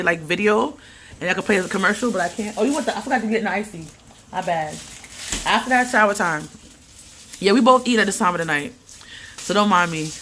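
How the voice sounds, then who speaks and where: A woman's voice: medium pitch, slight background noise. A woman, chatting and ranting animatedly in a casual vlog. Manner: animated, ranting, laughs often. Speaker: vlogger. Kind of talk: casual rambling vlog chat.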